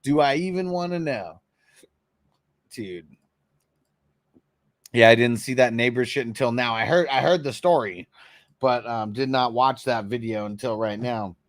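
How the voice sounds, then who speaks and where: A man hosting a casual fantasy football live stream, reading viewer comments aloud, cursing freely and laughing often, sometimes animated and sometimes mumbling low. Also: a little slow, long pauses, dry recording, studio quality. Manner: profane, laughing, swings between animated and mumbling. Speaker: fantasy football podcast host.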